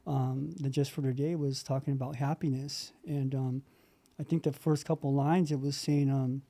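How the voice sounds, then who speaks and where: A man's voice: medium pitch, flat delivery, moderate pace, warm tone. Earnest rambling man on a video call. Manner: earnest, rambling, many fillers and restarts. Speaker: meeting participant sharing. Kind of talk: heartfelt recovery share on a video call.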